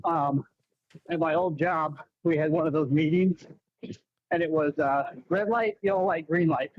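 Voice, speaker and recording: A man's voice: on the high side, unhurried, dry recording. A man calling in to a radio show, telling a work story loosely with chuckles. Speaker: caller. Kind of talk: casual call-in anecdote. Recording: dull phone line.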